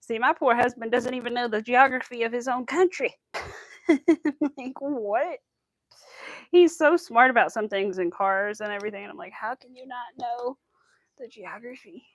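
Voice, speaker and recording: A woman's voice: a little high, normal speed, long pauses, dry recording. A young woman hosting a crochet livestream, chatting casually and rambling through stories with quoted asides. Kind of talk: casual chat while crocheting.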